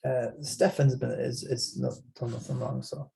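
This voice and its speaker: A man's voice: medium pitch, level tone, normal speed, gravelly, dark tone, husky. A man with an Irish accent hosting a casual fantasy football chat, rambling along with frequent restarts and repeated words. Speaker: podcast host.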